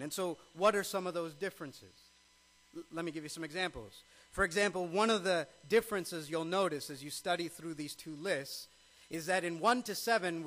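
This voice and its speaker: A man's voice: fairly high pitch, fairly bright tone, low-quality recording. A male pastor preaching a sermon, emphatic, with frequent rhetorical questions.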